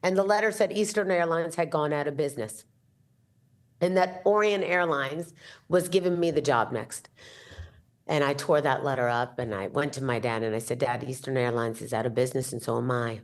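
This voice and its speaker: A woman in her fifties, an entrepreneur guest telling a story in an interview and acting out the dialogue as she goes. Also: a bass voice. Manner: animated, acts out the dialogue in her stories.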